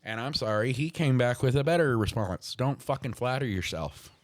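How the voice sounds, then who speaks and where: A man's voice: medium pitch, animated, normal speed, no room sound. A man hosting a talk show, ranting in a heated, profane way about a wrestling feud. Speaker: podcast host. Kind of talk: heated wrestling commentary chat.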